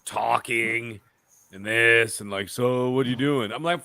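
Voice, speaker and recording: A man co-hosting a casual gaming podcast, telling stories in an animated, profane way. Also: mid-range voice, unhurried, vocal fry, dry recording. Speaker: podcast co-host.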